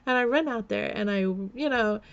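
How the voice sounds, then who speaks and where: A woman telling a personal story on a vlog in a halting way, with many fillers and restarts, sometimes close to tears. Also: medium pitch, creaky, muffled recording. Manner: emotional, close to tears at times. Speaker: vlogger.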